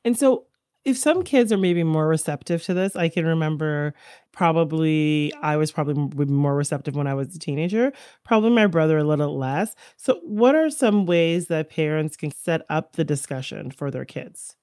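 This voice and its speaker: A woman's voice: low voice, expressive, moderate pace, dark tone, dry recording, studio quality. A woman hosting a podcast interview, asking questions conversationally with personal examples. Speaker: podcast host.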